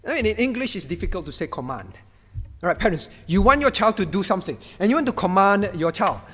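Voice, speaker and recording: In a church hall, a male pastor preaches in a noticeably high, fairly bright voice, talking fast with big swings in pitch. He is emphatic, repeating single words for stress, and he acts out God's words in a firm, commanding tone. Long reverb from the hall trails after each phrase.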